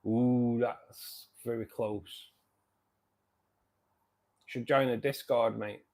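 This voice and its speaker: A man's voice: mid-range voice, fairly even intonation, very slow, gravelly, darkish tone. A man in his fifties hosting a casual fish-keeping livestream, chatty and jokey, thanking viewers by name. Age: 50s. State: dry throat. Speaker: livestream host. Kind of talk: casual live chat.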